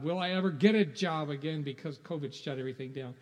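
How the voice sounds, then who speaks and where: A fast talker with a little high, slightly mellow voice, the man preaches as pastor in a church sanctuary, conversational in style, asking rhetorical questions and chuckling now and then. Long hall reverb colors the recording.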